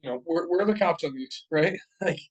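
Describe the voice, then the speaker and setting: Young guy cohosting a podcast, kinda high voice, swears a ton, rambly stories. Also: brisk, poor audio. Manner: profane, rambling storytelling with frequent laughs and fillers. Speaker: podcast co-host. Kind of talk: casual chat.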